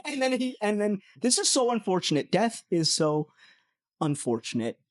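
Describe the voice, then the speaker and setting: A young American man chatting on a podcast, telling animated stories, swearing freely and putting on voices for people he quotes. His voice sits at a middle pitch and sounds close and dry. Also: moderate pace, dry recording. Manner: animated storyteller, swears, mimics others in high voices. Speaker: guest musician. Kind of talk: casual podcast chat.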